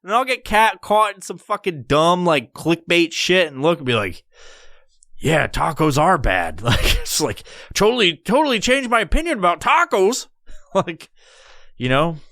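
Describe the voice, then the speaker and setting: A man hosting a solo podcast, rambling through a story with constant swearing and lively mimicry. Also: high voice, normal speed, no echo, studio quality. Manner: profane, rambling, animated storytelling. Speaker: podcast host.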